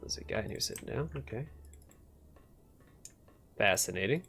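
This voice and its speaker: A man's voice: fairly low pitch, lively intonation, moderate pace, gravelly, fairly bright tone, a little hiss or hum. Laid-back man commenting on a game. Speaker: let's play host. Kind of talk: casual gameplay commentary.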